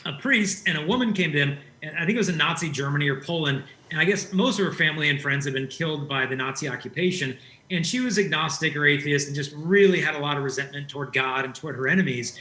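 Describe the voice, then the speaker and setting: Bright-voiced man telling animated stories. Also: a little high, fast talker. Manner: animated storyteller. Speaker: guest. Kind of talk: conversational interview. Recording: roomy echo.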